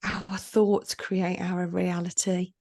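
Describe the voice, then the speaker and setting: A woman's voice: lowish voice, little pitch movement, slow pace, vocal fry, a little mellow. A woman co-hosting a podcast, out of breath, talking in an earnest, reflective way. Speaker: podcast co-host. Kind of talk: casual chat.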